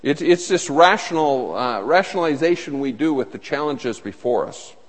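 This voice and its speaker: Male pastor, sermon, earnest and emphatic, lively swooping delivery, fairly high voice, long hall reverb. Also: normal speed. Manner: earnest, emphatic preaching with repeated phrases.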